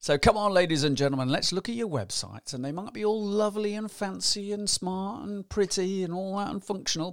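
A man giving a chatty, energetic motivational business talk, firing rhetorical questions and acting out examples. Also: high voice, dry recording, studio quality. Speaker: business trainer.

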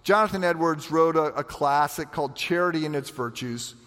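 A pastor preaching with a high voice, in a chatty and animated way, often restarting and repeating words. His voice carries the long reverb of a large hall. He sounds like a man talking straight to his congregation. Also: brisk. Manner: conversational, animated, repeats words when starting sentences. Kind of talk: sermon.

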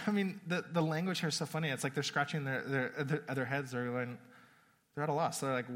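A male pastor preaching a sermon in a relaxed, conversational way, often restarting words and laughing at the story. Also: mid-range voice, a little fast. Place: church hall. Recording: long reverb of a church hall.

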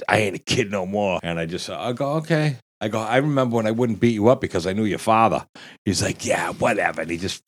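A man's voice: on the low side, fast talker. A middle-aged man with a Boston accent telling a rowdy story on a podcast, swearing, laughing and acting out the voices. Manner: animated storyteller, acts out quotes, laughs often. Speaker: podcast host. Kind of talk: casual storytelling with profanity.

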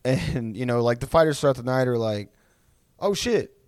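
A man's voice: medium pitch, brisk, a little mellow, smooth, no room sound. A man hosting a podcast in casual chat, rambling storytelling with lots of swearing and restarts. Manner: rambling, profane, many restarts. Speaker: podcast host.

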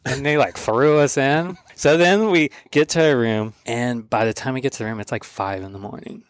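A man hosting a casual podcast chat, spinning animated stories and acting out the voices of the people in them. His voice sits at an average pitch, recorded dry and close. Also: normal speed, dry recording. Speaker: podcast host.

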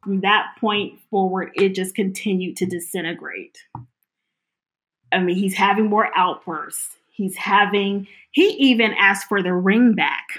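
A woman's voice: medium pitch, a little slow. A middle-aged woman telling her personal story in an interview, acting out the lines of the people she quotes. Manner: animated, acts out quoted dialogue.

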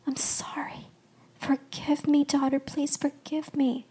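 A woman's voice: medium pitch, fairly even intonation, takes it slowly. Woman doing a tearful, whispering mother. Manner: soft, whispering.

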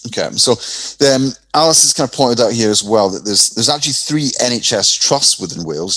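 A man's voice: lowish voice, a bit bright, slightly rough, no echo, poor audio. A man co-hosting a podcast, explaining a structure in an informative way with many ums and restarts. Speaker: podcast co-host. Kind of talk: casual explanatory chat.

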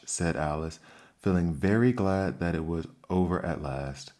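Deep voiced guy reading a bedtime story for asmr, calm and slow. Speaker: narrator.

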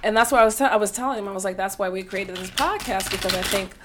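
A woman co-hosting a podcast in casual chat, agreeing often and reflecting in a soft way. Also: medium pitch, fast talker, noisy background. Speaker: podcast co-host.

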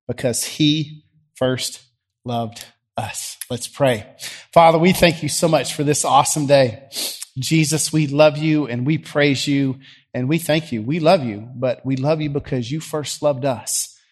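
Folksy Southern pastor preaching. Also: male voice, on the high side, fairly even intonation, normal speed. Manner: folksy, teasing, conversational preaching. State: worn out by allergies. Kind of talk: sermon and prayer. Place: church sanctuary.

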